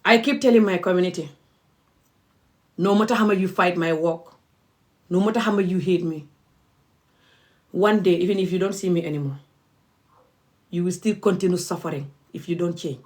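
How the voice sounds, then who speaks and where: A woman's voice: fairly low pitch, normal speed, pauses often. A woman, speaking as an activist vlogger in an impassioned, emphatic and repetitive monologue.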